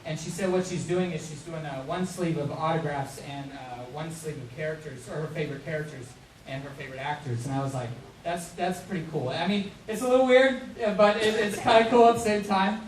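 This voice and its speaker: A man voice actor on a convention panel, talking excitedly with many stammered restarts. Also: on the high side, a little fast, slight background noise. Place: large convention hall, far from mic. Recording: echoey hall from far off.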